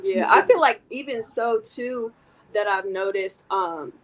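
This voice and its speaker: A young woman in casual conversation, reserved and soft-spoken, speaking on a video call with lots of fillers. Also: mid-range voice, measured pace, rough recording. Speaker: co-host.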